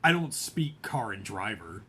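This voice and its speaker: A man's voice: on the low side, sing-song, a little slow, bright, forceful tone, slight background noise, exaggerated voice. A man reading the lines of a prickly teenage girl in a plain reading voice.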